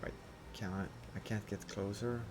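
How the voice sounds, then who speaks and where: A man's voice: lowish voice, little pitch movement, normal speed, heavy background noise. A man streaming a building game, rambling and questioning himself as he thinks aloud. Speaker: gameplay streamer. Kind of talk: casual gameplay commentary.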